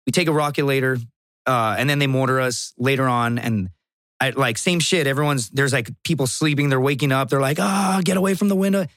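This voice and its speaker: A man in his thirties from Texas, a comedian and guest telling stories in a loose, profane, animated way on a podcast. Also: mid-range voice, a little fast, no echo, clean studio sound. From Laredo, Texas. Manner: profane, animated storyteller who acts out quotes. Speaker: guest, stand-up comedian and former Marine. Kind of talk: casual podcast storytelling.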